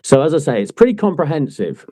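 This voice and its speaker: A male podcast host with a lively, swooping voice that is mellow and dark in tone. He opens the show and keeps up a teasing, jokey banter with his co-host. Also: fairly high pitch, fast. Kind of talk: casual chat.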